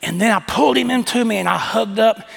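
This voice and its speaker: A man's voice: high-pitched, fairly quick, creaky, a bit bright. A man preaching a sermon as pastor, with impassioned, folksy storytelling. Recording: echoey hall reverb.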